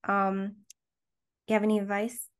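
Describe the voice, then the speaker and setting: A woman co-hosting a podcast, chatting casually and telling personal stories in an open, expressive way. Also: medium pitch, measured pace, clean tone. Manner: expressive storyteller, warm and open. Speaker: podcast co-host.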